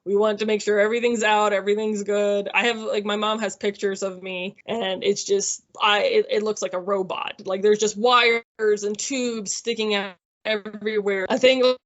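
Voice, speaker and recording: A woman's voice: mid-range voice, flat delivery, normal speed, highs cut off. A woman in her thirties telling her own story in a casual, chatty way, with many fillers and easy laughs. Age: 30s. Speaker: interviewee.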